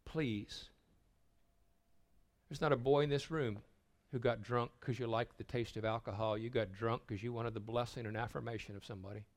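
An older man giving a sermon at a retreat, telling stories and stumbling over repeated words as he begins a thought, sometimes dropping to a hushed voice. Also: mid-range voice, fairly even intonation, normal speed. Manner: storytelling, dropping to a hushed voice for tender moments. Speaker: retreat speaker.

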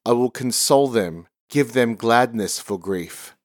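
Slow, measured male church reader. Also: medium pitch, no room sound, clean studio sound. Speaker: lector. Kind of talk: liturgical reading.

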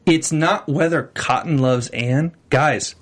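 A young man co-hosting a TV after-show in casual chat, enthusiastic and emphatic, talking in quick bursts. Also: on the high side.

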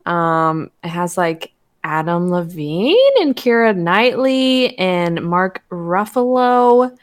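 A woman's voice: lowish voice, slow pace, no room sound, studio quality. A young woman chatting casually on a show, rambling with fillers and laughing often. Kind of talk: casual chat.

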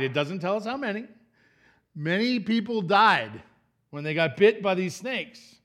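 A man preaching in a church, with a bright, forceful voice that sits a little high for a man. He asks the congregation questions and acts out the people in the story with sudden bursts of energy, then drops to quiet, low asides. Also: animated, measured pace. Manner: swings from loud emphatic questions to soft low asides. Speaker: pastor. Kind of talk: sermon.

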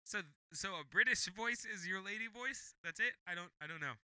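Bright, crude young man rambling. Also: sits high, animated, a little fast, smooth, no echo. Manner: crude, rambling, restarts a lot. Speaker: podcast co-host. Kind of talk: casual comedy chat.

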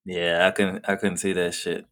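Laid-back young man, low voice. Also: level tone, normal speed, a bit bright. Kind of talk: casual chat.

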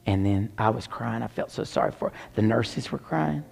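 Male preacher, gravelly voice, swings from loud to hushed, long reverb of a church sanctuary. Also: lowish voice, moderate pace. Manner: dramatic storytelling, drops to near whispers. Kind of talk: sermon with personal story.

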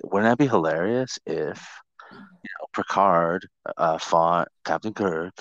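A man co-hosting a podcast in casual chat, joking and teasing and often jumping into high mock voices. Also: moderate pace, a bit bright, no echo, muffled recording. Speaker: podcast co-host.

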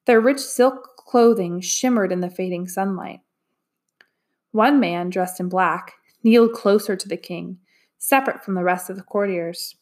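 A woman narrating a storybook in a calm, even way. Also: mid-range voice, measured pace. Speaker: audiobook narrator. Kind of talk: storybook reading.

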